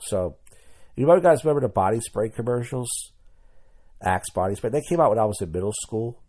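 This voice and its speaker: Slightly fast and animated, a young man's mid-range voice has a dark tone as he hosts a podcast. He rambles through crude comic stories in monologue form, imitating whoever he quotes.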